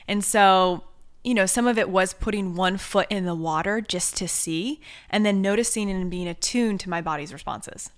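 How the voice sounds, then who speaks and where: A woman's voice: mid-range voice, moderate pace. A young adult woman, an author and coach, talking earnestly and reflectively as a podcast guest. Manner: earnest, reflective, animated when quoting herself. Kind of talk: conversational interview.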